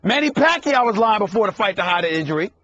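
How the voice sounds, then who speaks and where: A man's voice: high voice, very animated, quick pace, a bit bright, no room sound, highs cut off. A man in a heated sports debate, hammering his point by repeating it and cutting in. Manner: emphatic, repeats himself for emphasis, cuts in.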